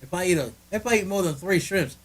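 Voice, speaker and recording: A man's voice: high-pitched, lively intonation, fast, rough recording. A man co-hosting a casual podcast from a friend's living room, rambling and joking with lots of restarts. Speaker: podcast co-host. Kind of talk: casual chat.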